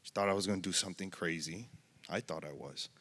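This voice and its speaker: A man giving an earnest, emotional personal testimony in church, halting at times. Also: deep voice, fairly bright tone. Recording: long hall reverb.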